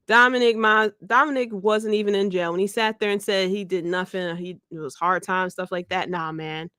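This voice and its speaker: A woman hosting a podcast, recapping wrestling in a joking, animated way, laughing often and swearing freely. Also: mid-range voice, normal speed, no room sound, studio quality. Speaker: podcast host. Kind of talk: casual wrestling recap chat.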